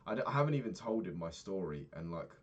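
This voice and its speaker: A man's voice: low-pitched, sing-song, fast talker, lo-fi sound. A young man talking through his day in a candid, rambling diary vlog, swearing freely. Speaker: vlogger.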